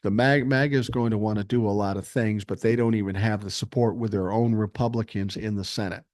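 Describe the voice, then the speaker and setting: Low-voiced man in his sixties. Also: fairly even intonation, a little fast, darkish tone, no echo. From Minnesota, USA. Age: 60s. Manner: blunt, frequent swearing, reasonable tone. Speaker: podcast host reading live chat. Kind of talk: casual livestream chat.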